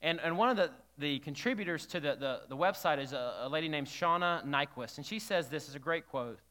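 Male pastor, casual sermon, a touch high and very clear, long church reverb. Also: fairly quick, bright, forceful tone. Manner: conversational, engages the congregation with questions. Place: church hall.

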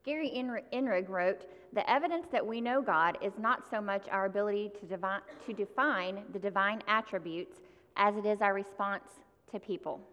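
A woman's voice: medium pitch, a bit bright, in a large hall. A woman giving a sermon, reading a quotation and then explaining it reflectively.

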